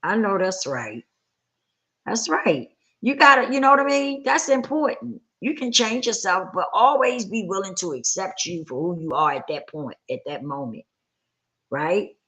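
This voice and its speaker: Woman host, fairly low voice, earnest motivational livestream talk, repeats key lines, checks in with listeners. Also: very animated, measured pace, a bit bright. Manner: earnest, repeats her points for emphasis. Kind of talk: motivational talk to a live audience.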